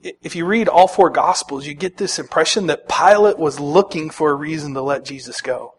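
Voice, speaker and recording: A pastor preaches in a husky, fairly high male voice. He is animated, acting out the people he quotes and swinging between loud and soft. It sounds like a full sermon from the pulpit. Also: a little fast.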